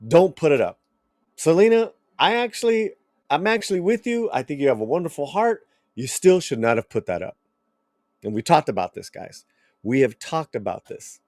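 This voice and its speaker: Man, commentary host, blunt, animated, swears, stammers, middle pitch, dry sound. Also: moderate pace, dry recording. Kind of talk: reaction commentary.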